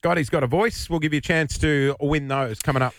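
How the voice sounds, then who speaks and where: A man's voice: on the high side, a little fast. An Australian man hosting breakfast radio, upbeat and jokey.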